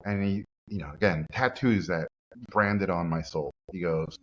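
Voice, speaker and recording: Lively storytelling man, muffled audio. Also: deep voice, unhurried. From Mexico. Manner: lively storyteller acting out quotes. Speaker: guest animator and director. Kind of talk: animated storytelling in conversation.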